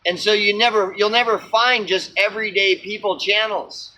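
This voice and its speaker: A man's voice: sits high, fairly even intonation, normal speed, sharp tone, poor audio. A man ranting into his camera for his small channel, unscripted and profane, full of fillers, restarts and repeated words. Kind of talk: rambling unscripted rant to camera.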